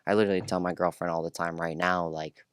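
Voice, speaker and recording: A man with a low voice spins a rambling, profane story in casual interview talk. The sound is close and dry, with no room around it. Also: little pitch movement, fast talker, clear, resonant tone, dry recording. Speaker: podcast guest.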